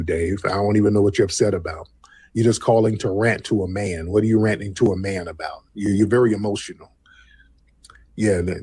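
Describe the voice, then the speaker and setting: A man's voice: on the low side, a little mellow, breathy edge. A man hosting a live call-in show, repeating prompts to callers and mocking an angry one. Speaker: host.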